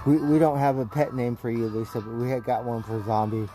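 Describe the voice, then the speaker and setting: A man's voice: mid-range voice, steady tone, fairly quick, warm tone, faint music behind, rough recording. A man hosting a casual livestream, rambling playfully and tagging his lines with "right?". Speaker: livestream host. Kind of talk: casual live-stream chat.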